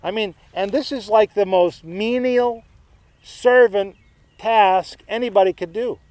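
A man's voice: high voice, measured pace, a little mellow, dry recording. A male pastor preaching a sermon in a conversational way, with joking asides to his congregation.

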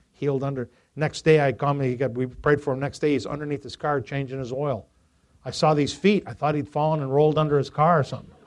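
Male pastor, animated storyteller, mid pitch, loud peaks and soft asides. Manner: animated, swings from loud emphasis to quiet asides. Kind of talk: sermon with storytelling.

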